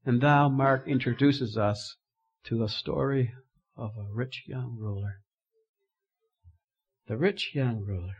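A man's voice: medium pitch, slow pace, pauses often, breathy edge, lo-fi sound. A man preaching a sermon as pastor, telling a story with emphatic, dramatic delivery.

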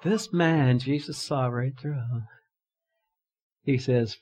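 A man's voice: mid-range voice, takes it slowly, long pauses, darkish tone, slightly rough, lo-fi sound. A man preaching a sermon as pastor, telling a story with emphatic, dramatic delivery.

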